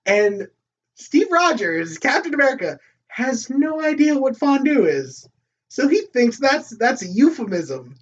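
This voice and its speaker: A man co-hosting a movie podcast, lively and full of laughs, acting out film lines with a wide, swooping pitch. His voice is somewhat husky. The recording sounds distant and muffled. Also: a little slow. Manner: animated, laughs often, acts out movie lines. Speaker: podcast co-host. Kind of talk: casual movie discussion.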